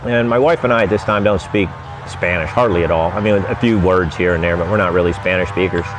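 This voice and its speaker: An American vlogger tells wry, rambling stories about his sailing travels in a laid-back, casual way. His voice is low and quick, set against a noisy background.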